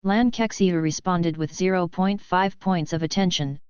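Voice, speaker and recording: A woman narrating a novel in an even, steady storytelling manner. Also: lowish voice, moderate pace, clear, resonant tone, no echo. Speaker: audiobook narrator. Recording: dull lo-fi, dry.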